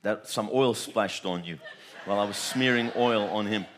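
A man's voice: lowish voice, moderate pace, a bit bright. A man preaching a charismatic sermon, repeating phrases, chuckling often and breaking into tongues. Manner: repetitive, chuckling, bursts into tongues.

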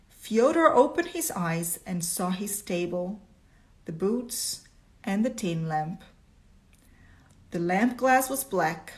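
Expressive woman reading a story aloud. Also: medium pitch. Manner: expressive, asks listeners questions. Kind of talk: storytelling lesson.

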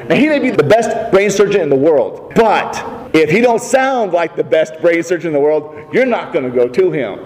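A man preaching to his congregation, mixing scripture with folksy asides and jokes. His voice sits a little high for a man. The sound rings out with the long reverb of a church hall. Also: animated, normal speed, a little mellow. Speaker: pastor. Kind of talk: sermon.

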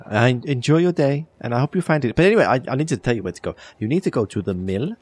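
A man's voice: mid-range voice, lively intonation, quick pace, a little mellow, husky, dry recording, voice pushed up. A man voicing a fussy, over-polite townswoman who rambles and stumbles over her words. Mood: fussy chatty. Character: chatty fussy woman of the town.

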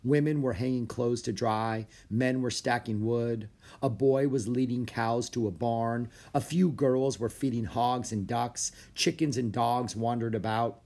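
A man narrating a children's storybook aloud, expressive and animated. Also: medium pitch, a little slow.

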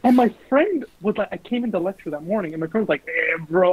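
A young man casually telling animated, sweary stories about his dating life. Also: high-pitched, normal speed. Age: young adult. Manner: animated, swearing, mimics voices in quotes. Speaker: guest. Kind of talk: casual storytelling. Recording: lo-fi phone-like recording.

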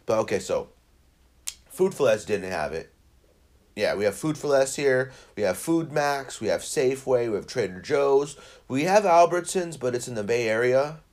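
A man's voice: medium pitch, expressive, moderate pace, a little mellow. A young man from Northern California's Central Valley, hosting a podcast and telling a rambling, profane story in casual chat. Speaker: podcast host.

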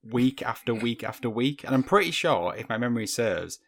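A man's voice: mid-range voice, animated, fairly quick, fairly bright tone. A British man co-hosting a casual podcast, making dry, wry remarks. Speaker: podcast co-host.

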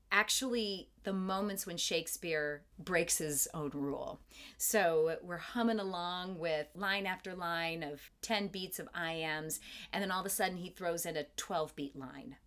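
A woman's voice: lowish voice, a bit bright. A middle-aged woman theatre director in an interview, explaining terms thoughtfully and carefully, with plain enthusiasm for the craft. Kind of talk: interview conversation.

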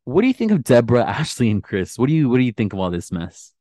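A man's voice: mid-range voice, fast, no room sound. Male podcast co-host, chatty gossip recap, dry close sound. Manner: chatty, animated retelling with quoted voices. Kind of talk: casual reality TV gossip chat.

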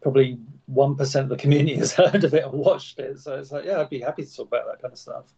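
A man's voice: medium pitch, quick pace, creaky, mellow, husky, dull audio. A man chatting casually as a podcast guest, laughing easily. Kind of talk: casual chat.

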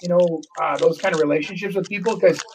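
A middle-aged man, a real estate agent, telling a story in casual chat, animated and full of restarts. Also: high voice, fast talker, distant mic, slight background noise, rough recording. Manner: animated, acts out quotes, many restarts.

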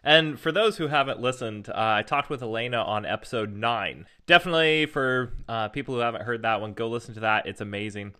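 A man hosts a podcast in a bright, clear voice. He asks questions casually and answers his guest with quick, encouraging reactions. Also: medium pitch. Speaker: podcast host. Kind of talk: casual interviewing.

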